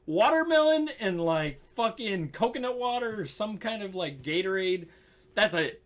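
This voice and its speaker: A man's voice: sits high, big pitch swings, normal speed. A young man casually telling a story, laughing often, swearing and saying "like" a lot.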